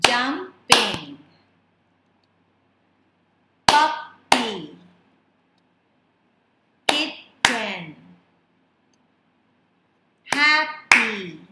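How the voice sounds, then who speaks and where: A woman teaching a beginner lesson, speaking slowly and clearly and drawing out each word to show its parts. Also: fairly high pitch, echoey room, heavy background noise. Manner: slow, clear, drawn-out word-by-word pronunciation. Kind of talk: children's lesson narration.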